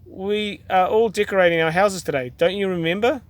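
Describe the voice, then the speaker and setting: A man's voice: high voice, fairly quick, no echo, pitched above the performer's own voice, natural voice. Storybook: friendly tomato guy, lifted, sunny voice, read by a New Zealand dad. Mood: cheerful. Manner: chirpy and bright. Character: cheerful, friendly male tomato neighbour.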